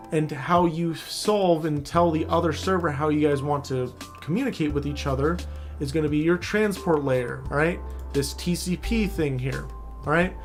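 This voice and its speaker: A man casually explaining networking basics in a screen-share tutorial, often checking in with the viewer. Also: a little high. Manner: casual, loose, talks to viewer directly with frequent "all right?". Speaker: cybersecurity instructor.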